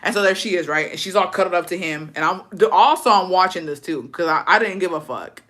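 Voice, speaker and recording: A young woman on a livestream telling a story in a blunt, profane, animated way, slipping Spanish phrases into her English. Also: fairly low pitch, fairly quick. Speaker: livestream host. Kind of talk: casual storytime rant.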